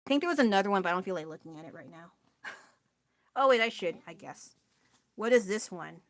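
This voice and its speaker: A woman's voice: medium pitch, lively intonation, brisk. Tired young woman rambling on stream. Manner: rambling, scattered, self-deprecating, laughs often. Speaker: artist live-streamer. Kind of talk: casual live-stream chat while painting.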